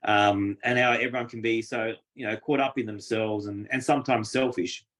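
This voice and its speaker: A man's voice: on the low side, moderate pace. A man with an Australian accent, a guest telling stories in a chatty way and acting out the people he quotes. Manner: chatty, acts out quoted dialogue with lively voices. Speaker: interview guest. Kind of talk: casual storytelling.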